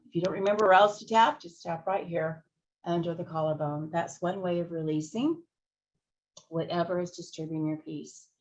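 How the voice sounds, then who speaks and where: A woman giving a conference talk that walks listeners through calming techniques, speaking in a gentle, guiding way and chuckling often. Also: on the low side, normal speed. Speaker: plenary speaker. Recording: dull lo-fi audio.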